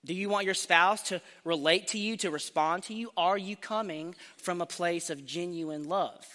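A man preaching a sermon to a congregation, earnest and emphatic, slowing down to stress key phrases. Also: high-pitched, sharp tone. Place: church sanctuary. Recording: church hall reverb.

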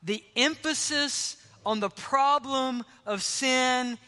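High-voiced pastor preaching in echoing hall. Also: male voice, takes it slowly, few pauses. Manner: emphatic preaching, dropping to hushed tones for stress. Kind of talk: sermon. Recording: long hall reverb.

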